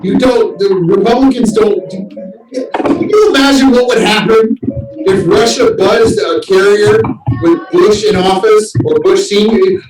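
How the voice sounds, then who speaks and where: A man hosting a casual group chat, telling animated stories and shouting out the lines he quotes. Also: high voice, unhurried, over music. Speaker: host. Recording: distant mic in echoey room.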